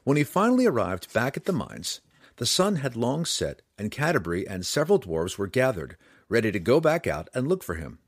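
A man narrating a fantasy adventure audiobook in an expressive, dramatic storytelling manner. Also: medium pitch, brisk, husky, dry recording, studio quality.

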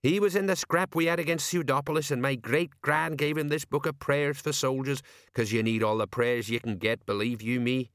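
A man voicing a nervous, rambling middle-aged sergeant who talks in a folksy, drawn-out way. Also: medium pitch, steady tone, a bit bright, no room sound, studio quality, voice pushed up, close to an everyday voice.

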